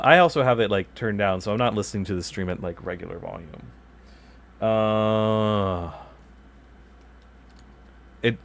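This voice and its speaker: A man hosting his gaming channel, chatting casually while he streams, rambling, correcting himself often and joking along. His microphone sits some distance from his mouth. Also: lowish voice. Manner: rambling, self-correcting, playful. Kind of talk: casual chat while live streaming gameplay. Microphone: microphone kept far from the mouth.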